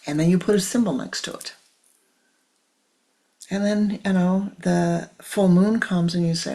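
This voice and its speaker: Soft gravelly older spiritual teacher. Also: medium pitch, steady tone, poor audio. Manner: soft and measured, often dropping to a whisper. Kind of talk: spiritual talk leading a meditation.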